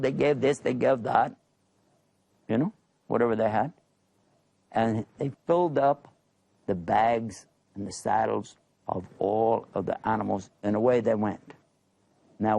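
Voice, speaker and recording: A man casually telling a religious story in an animated, chuckling way. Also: medium pitch, gravelly, dry recording.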